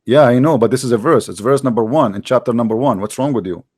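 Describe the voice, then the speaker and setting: A man hosting a debate, pressing with rapid repeated questions. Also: mid-range voice, a little mellow, husky. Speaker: debate host. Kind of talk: live call-in debate.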